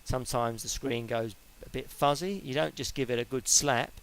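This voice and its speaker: Gravelly middle-aged man lecturing. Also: medium pitch, normal speed, low-quality recording. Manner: chatty, explaining step by step with everyday examples. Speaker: sport psychology lecturer. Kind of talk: informal spoken lecture.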